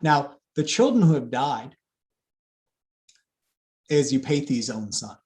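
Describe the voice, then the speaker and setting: A man giving a lively public lecture on epic poetry, with fillers and asides to the audience. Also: medium pitch, slow pace. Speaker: classics lecturer.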